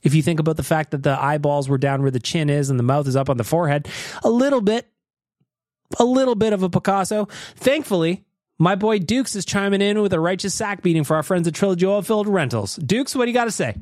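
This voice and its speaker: Animated joking podcast host man. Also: sits high, quick pace, no echo, clean studio sound. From North America. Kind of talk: casual podcast chat.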